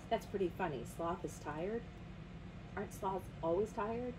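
A woman's voice: medium pitch, measured pace, slight background noise, rough recording. A woman librarian reading a picture book aloud to children and asking them questions. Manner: animated, asks the kids questions.

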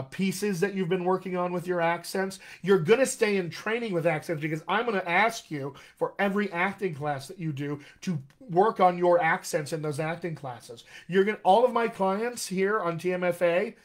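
Upbeat encouraging male dialect coach. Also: a little high. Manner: energetic, encouraging, addresses viewers as "my friends". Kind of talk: live-streamed coaching Q&A. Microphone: computer mic on a live video stream.

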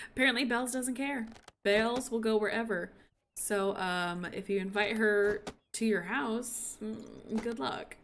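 A woman streaming a life-simulation game with casual commentary, excitable and breaking into gushing squeals over the animals, a little sniffly. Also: fairly high pitch, takes it slowly, soft background music.

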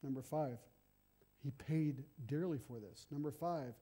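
Male missionary preacher, high-pitched voice, lively and animated, shifts between loud bursts and soft asides. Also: a little slow. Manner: animated, acts out confrontations with sudden loud bursts and quiet asides. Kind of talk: sermon. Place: church.

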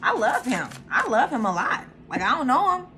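A young woman hosting her own channel in casual, animated chat, swearing freely and jumping to sudden high squeals. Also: moderate pace, a little hiss or hum. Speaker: tarot reader and channel host.

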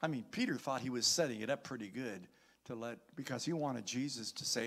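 A man's voice: mid-range voice, very animated, brisk, a bit bright, slightly rough. A man preaching a sermon as pastor, reading scripture aloud with dramatic emphasis and calling out to the congregation. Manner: calls out to the congregation.

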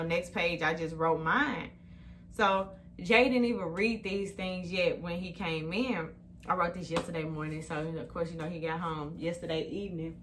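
A woman's voice: fairly low pitch, fairly bright tone, slight background noise. A woman vlogging at home in a casual, chatty way, talking straight to her viewers on a phone camera.

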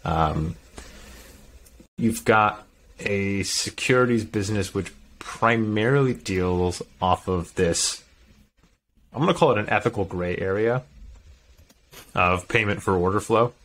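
A man's voice: on the low side, takes it slowly, pauses often, a bit bright. A man co-hosting a podcast in casual chat, talking with strong opinions and laughing often. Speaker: podcast co-host.

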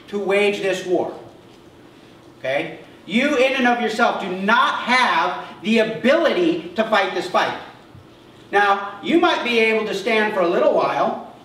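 A man's voice: high voice, a bit bright. A man preaching a sermon as the church's pastor, in a conversational way that keeps checking in with "okay?". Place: church sanctuary. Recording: echoey church sound heard from a distance with faint noise.

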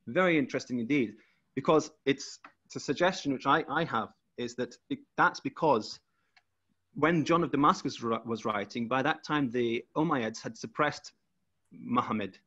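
A man's voice: medium pitch, fairly bright tone, breathy edge, muffled recording. A man presenting his research over a video call, explaining step by step with frequent restarts.

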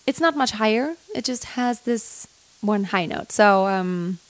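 A young woman teaching how to sing a pop ballad, speaking in a relaxed coaching manner and breaking into sung phrases to show the technique. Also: mid-range voice, measured pace. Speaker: singing teacher. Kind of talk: vocal lesson with sung demonstrations. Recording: loud instrumental music behind.

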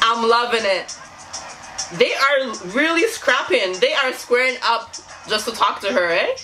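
Excitable woman reacting to a music video. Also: fairly high pitch, a little slow, poor audio. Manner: excitable, laughs often, slangy exclamations. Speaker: YouTube reaction host.

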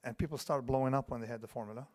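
Racing along in a steady, mid-range voice, a man in his fifties delivers a digressive keynote lecture full of restarts, asking the audience "okay?" in his asides. The large conference hall gives the recording a long reverb.

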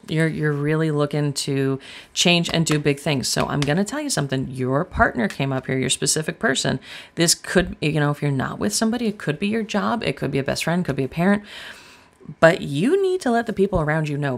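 A woman giving a casual tarot reading, chatty and blunt, swearing freely as she talks straight to viewers. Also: low voice. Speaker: tarot reader.

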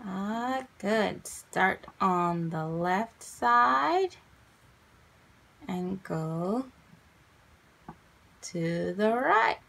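Slow sing-song woman teaching kids. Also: medium pitch, lively intonation, vocal fry, a bit bright. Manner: slow, sing-song, encouraging teacher talk to small children. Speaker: children's English teacher. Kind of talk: kids' English lesson, sing-along and coloring.

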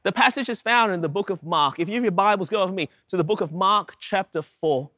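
High, bright-voiced male preacher. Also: brisk, no echo, clean studio sound. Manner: emphatic, with repeated rhetorical questions. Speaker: pastor. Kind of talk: sermon.

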